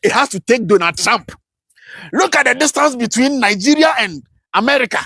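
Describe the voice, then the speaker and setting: Fired-up high-voiced man ranting. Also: lively intonation, normal speed, vocal fry, husky, dry recording. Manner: passionate, scolding, rhetorical questions, swings from shouting to muttering. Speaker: political commentary host. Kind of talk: live-streamed political rant.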